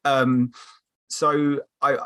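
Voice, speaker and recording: Young Croydon-accented man, podcast guest, chatty and quick, mid-range voice. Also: mid-range voice, flat delivery, sharp tone. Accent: South London (Croydon). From England. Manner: chatty, quick, laughs easily. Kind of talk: casual chat over a remote call.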